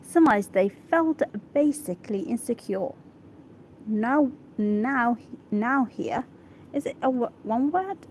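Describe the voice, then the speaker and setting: A woman whose native language is Arabic practices English by reading an article aloud, pausing to sound out and repeat difficult words and check her pronunciation. Her voice is a little high, animated and darkish, and she takes it slowly. There's slight background noise.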